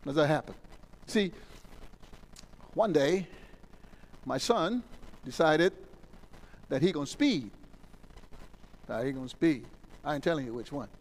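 A middle-aged man preaching a sermon, acting out little dialogues and swinging from shouts to hushed asides. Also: high voice, poor audio. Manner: dramatic, voices others in dialogue, swings from loud to hushed. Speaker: pastor.

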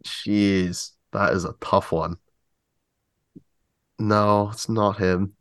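A man answers football quiz questions, thinking out loud as he works through his guesses. His voice sits somewhat low. The recording is dry and close. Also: steady tone, extremely slow, no echo. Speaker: quiz contestant. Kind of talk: casual chat.

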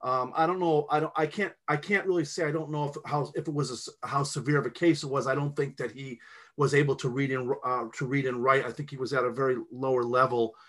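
A man's voice: mid-range voice, steady tone, fast, fairly bright tone. A middle-aged man co-hosting a podcast, telling family stories in a rambling, emphatic way with many restarts. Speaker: podcast co-host. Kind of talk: casual podcast storytelling.

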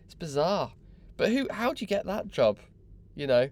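A man's voice: high voice, big pitch swings, a little fast, darkish tone. A young man hosting a podcast, mocking and exasperated in a sweary comic rant. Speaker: podcast host.

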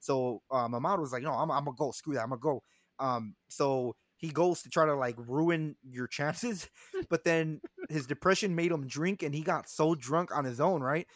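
A young man casually telling a long story, animated and swearing, acting out what others said. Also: on the high side, normal speed, no echo, studio quality.

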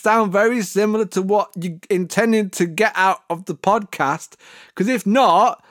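A man's voice: high-pitched, normal speed, a bit bright, no room sound, studio quality. A man giving podcast production tips in a jokey, mock-serious monologue, theatrical and full of sudden vocal swoops. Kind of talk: comic tutorial monologue.

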